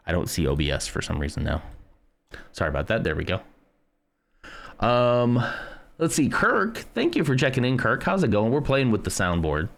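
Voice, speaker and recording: A man's voice: medium pitch, big pitch swings, moderate pace, gravelly, long pauses, fairly bright tone. A man streaming a game live, chatty and self-deprecating as he talks to his chat.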